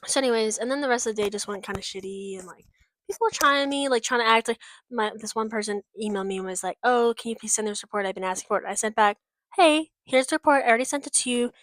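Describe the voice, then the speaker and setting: A woman's voice: medium pitch, steady tone, quick pace, a bit bright, dry recording. A young woman from the United States chatting casually in a vlog, rambling and frank, swearing often with lots of fillers. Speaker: vlogger. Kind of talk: casual chat.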